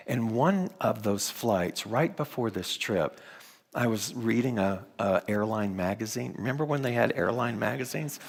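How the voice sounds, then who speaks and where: Slow gravelly-voiced minister in a hall. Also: male voice, mid-range voice. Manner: slow, dramatic pauses, hushed moments. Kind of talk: storytelling sermon. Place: large church sanctuary. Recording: long hall reverb.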